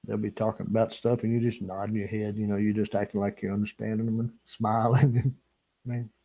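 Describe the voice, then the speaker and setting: A man's voice: on the low side, flat delivery, a little fast, warm tone, poor audio. An older man from Louisiana, chatting casually with viewers on a fishing live stream and laughing often. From Louisiana, USA. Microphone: small camera-top microphone.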